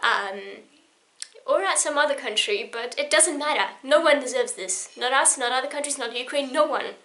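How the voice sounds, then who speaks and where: A woman's voice: high-pitched, moderate pace, pushed and bright. A woman in her twenties from Poland, talking to camera in an emotional personal vlog, earnest and rambling, with frequent restarts. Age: 20s. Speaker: vlogger.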